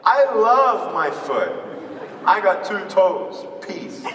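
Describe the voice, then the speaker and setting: A man giving a live motivational speech to an audience, animated and quizzing the crowd with call-and-response questions. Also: sits high, slow pace, noisy background. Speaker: motivational speaker. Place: large hall with an audience. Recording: echoey hall recorded from far off.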